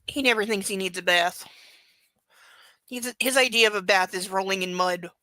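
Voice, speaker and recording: A woman's voice: mid-range voice, fairly even intonation, normal speed, bright, forceful tone, no room sound, rough recording. A woman live-streaming a book reading at home, mixing blunt, sarcastic commentary with cooing baby talk to her dog.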